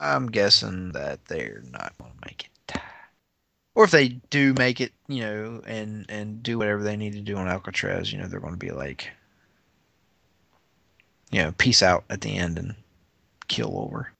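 A man's voice: on the low side, sing-song, moderate pace, gravelly, sharp tone, no room sound. A man co-hosting a podcast in casual chat, laughing often and reading listener responses aloud. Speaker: podcast co-host.

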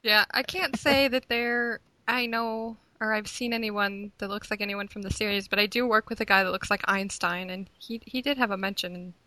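A woman co-hosting a podcast, chatting casually with upbeat, quick reactions. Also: mid-range voice, steady tone, pushed and bright, no room sound, rough recording. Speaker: podcast co-host. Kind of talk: casual chat.

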